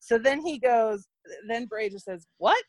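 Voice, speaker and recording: A woman's voice: fairly high pitch, unhurried. A woman who works as a nurse, telling a personal story in casual conversation and acting out the voices of people she quotes. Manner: animated, acts out quoted voices. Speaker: guest.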